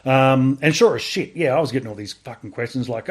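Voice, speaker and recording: A man's voice: medium pitch, brisk. An Australian man, a veteran guest on a podcast, telling a story casually, acting out the dialogue and swearing freely. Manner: swears freely, animated retelling with quoted dialogue.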